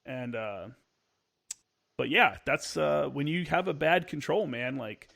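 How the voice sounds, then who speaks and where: This former Marine's voice is fairly high, creaky, and a bit bright as he tells unvarnished war stories as a podcast guest. Casual and halting with lots of fillers, he curses freely and acts out radio calls from back then.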